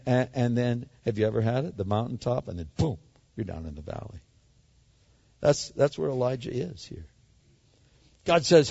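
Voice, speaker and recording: A man preaching a sermon in an animated way, swinging from loud, emphatic lines to hushed ones. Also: medium pitch, moderate pace, gravelly, pauses often, breathy edge. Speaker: pastor. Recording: dull sound in a large hall.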